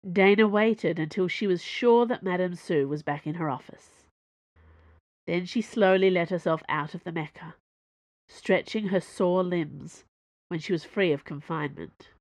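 A woman narrating a storybook in an even, measured reading. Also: lowish voice, no room sound. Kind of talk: audiobook narration.

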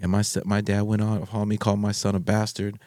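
A man hosting a podcast, telling a frank personal story in an animated way and laughing easily. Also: lowish voice, fast, no room sound, clean studio sound.

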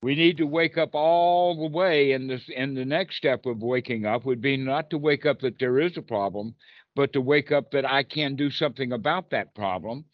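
A man's voice: medium pitch, normal speed, dry recording. A man teaching Buddhist meditation on a group video call, playful and encouraging as he acts out inner dialogue. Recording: dull lo-fi call audio.

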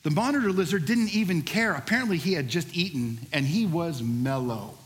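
A middle-aged male pastor preaching a sermon, telling a lively personal story before moving into scripture. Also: fairly high pitch, fairly quick. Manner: animated storyteller, shouts during the story's peaks.

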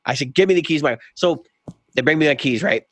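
A man's voice: on the high side, fast, fairly bright tone, no room sound. A man co-hosting a podcast who tells a long story in casual chat and acts out both sides of a heated exchange. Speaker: podcast co-host.

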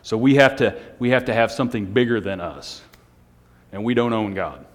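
A man preaching a Sunday night sermon, speaking in a self-described monotone with joking asides to the congregation. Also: lowish voice, normal speed. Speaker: pastor. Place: church hall on a Sunday night. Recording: long hall reverb.

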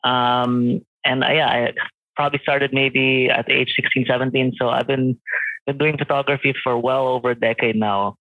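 A photographer in his late twenties chats casually as an interview guest, using many fillers and restarts. His medium-pitched voice is flat at a moderate pace, and the dry recording sounds tinny, like a phone call line.

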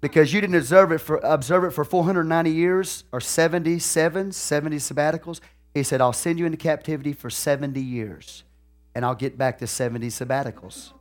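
Texan pastor guy, folksy sermon, slightly high voice, goes from quiet asides to hollering. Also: fairly quick. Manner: swings from soft asides to loud shouted preaching; folksy, peppered with "okay?" and "hallelujah".

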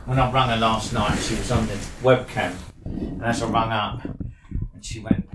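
A man's voice: on the low side, fairly even intonation, measured pace, background noise. Blunt man, roomy room. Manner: blunt, crude, laughs at his own stories. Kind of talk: casual storytelling. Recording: echoey room with music behind.

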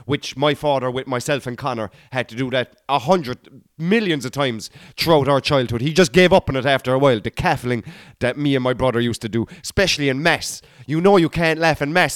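A man's voice: mid-range voice, no echo, clean studio sound. A man in his thirties with a Cork accent, a comedian telling rambling stories on his podcast and talking straight to his listeners. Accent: Cork, Irish. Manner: rambling, chatty, addresses listeners as guys and boy. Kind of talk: casual storytelling monologue.

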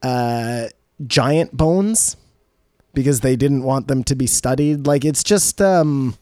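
A man co-hosting a casual podcast chat, his voice dark and mellow. He thinks aloud in a rambling, speculative way. The sound is close and dry, with no room around it. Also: mid-range voice, slow pace, dry recording. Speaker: podcast co-host. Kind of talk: casual discussion.

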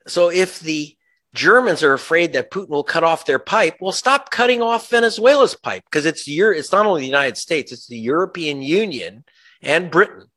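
A man's voice: fairly high pitch, lively intonation, moderate pace, a bit bright. A male journalist, a guest in an interview, giving passionate political commentary, sarcastic, with frequent restarts. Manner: impassioned, sarcastic, many restarts.

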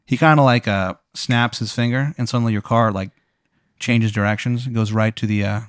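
A man hosts a comedy podcast, improvising an absurd story with plenty of fillers. His voice is smooth and resonant. The sound is close and dry. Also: lowish voice, fairly even intonation, a little fast, no echo. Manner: rambling, filler-heavy narration. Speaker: host.

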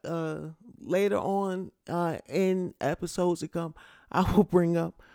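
A man's voice: on the high side, steady tone, slow, gravelly, mellow, clear, resonant tone, dry recording, clean studio sound. A man from Connecticut hosting a casual solo sports talk show, rambling and stammering as he goes, gloating between laughs. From Connecticut, USA. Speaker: podcast host.

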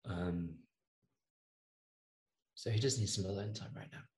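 Slow, deep-voiced man in an echoey room. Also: steady tone, a little mellow. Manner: slow, thoughtful, hesitant with fillers. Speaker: player. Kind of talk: describing his character in a tabletop game.

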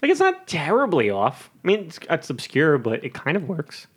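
A young man co-hosting a casual podcast, chatting with friends. He rambles, laughs often and acts out the lines he quotes. His pitch swings widely from line to line. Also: wildly swooping pitch, moderate pace, breathy edge. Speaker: podcast co-host. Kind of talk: casual group chat.

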